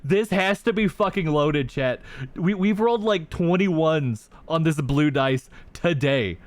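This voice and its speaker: A young man chatting on a livestream while playing a tabletop game. He swears freely and slides into animated rants. His voice sits a bit high and sounds dry and close, with no room around it. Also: unhurried, no room sound. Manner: animated, profane ranting to chat. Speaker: streamer. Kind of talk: casual livestream chat.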